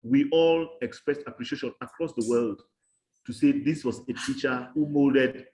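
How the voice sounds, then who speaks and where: A man's voice: mid-range voice, normal speed, darkish tone. A man, a veteran translator-interpreter, talking as a guest in a casual video chat and telling stories emphatically, repeating his key phrases. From Cameroon. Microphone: video call.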